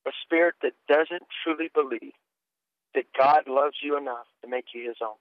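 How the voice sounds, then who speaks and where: A mid-range male voice, with no echo, comes through thin and boxed in, like a phone line, dry and close. He's a minister and guest delivering fervent testimony and prophetic ministry, his story rolling out in earnest, preacher-like waves and heartfelt urgency.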